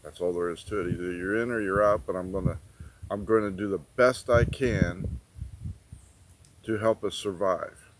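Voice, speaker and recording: A middle-aged man with a fairly low voice tells a personal story in a folksy, rambling way. He keeps circling back with "I said" as he retells old conversations. Faint noise and birdsong sit behind him outdoors. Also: fairly even intonation, moderate pace. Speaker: prepping channel host. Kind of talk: casual storytelling.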